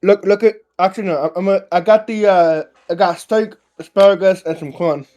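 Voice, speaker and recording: A man with a high voice chats casually as a player in a tabletop game. He trips over his words and repeats the start of his sentences before getting them out. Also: fairly even intonation, a little fast, mellow. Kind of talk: casual chat.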